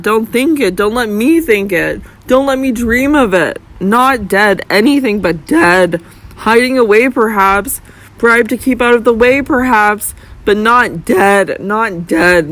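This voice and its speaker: A reader voicing a terrified, broken old retired lieutenant who pleads in a shrill, hoarse, half-screaming voice. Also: a little slow, fairly bright tone, natural voice. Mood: frantic pleading. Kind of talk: audiobook character voice.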